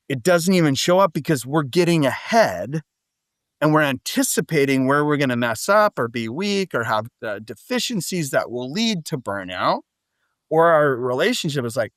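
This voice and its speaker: A man with a slightly higher voice, talking casually as a podcast guest. He tells stories in a loose, animated way, full of asides and quick questions. The sound is dry and close to the mic. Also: no room sound. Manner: animated storytelling, frequent "like" and "right?". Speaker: podcast guest, business coach. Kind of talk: casual interview talk.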